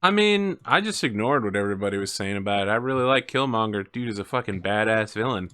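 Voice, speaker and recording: Bright-voiced man in casual gamer chat. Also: lowish voice, lively intonation, fast talker, clear, resonant tone. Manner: emphatic, swears freely, fan talk. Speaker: tabletop game player. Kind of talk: casual chat among players.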